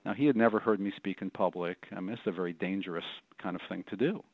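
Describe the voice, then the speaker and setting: Deep gravelly man on a phone line. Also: fast talker, dry recording. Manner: reflective, often repeats words as he goes. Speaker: rabbi and author, interview guest. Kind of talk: storytelling in a radio interview. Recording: dry, tinny phone line.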